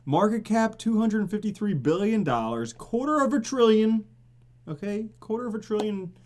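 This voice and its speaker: A man hosts a casual live stream in an excitable, theatrical way. His voice sits high and swings wide in pitch. He swears freely and greets viewers by name. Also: moderate pace. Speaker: crypto live stream host.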